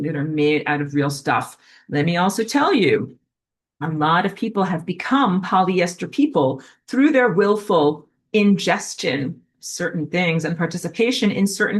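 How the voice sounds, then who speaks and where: Woman, lower voice, chatty rambling spiritual teacher, speaking from home with heavy fillers. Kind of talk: casual spiritual talk to viewers. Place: indoors at home, in an apartment.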